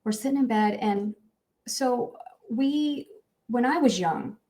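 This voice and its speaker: A middle-aged woman with a fairly high voice talks candidly on a podcast. Her storytelling is emotional and earnest, full of fillers and restarts. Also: expressive, slow, warm tone. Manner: emotional, earnest, tells stories with many fillers. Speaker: podcast co-host.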